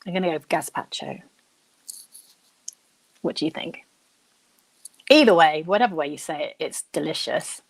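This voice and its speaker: A young woman hosting a live online quiz, chatting and thinking out loud, reading each question slowly and then repeating it. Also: low voice, animated, gravelly. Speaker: quiz host.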